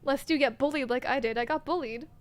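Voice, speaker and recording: High-voiced playful woman streamer. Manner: playful, joking, quick to laugh. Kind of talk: casual game commentary.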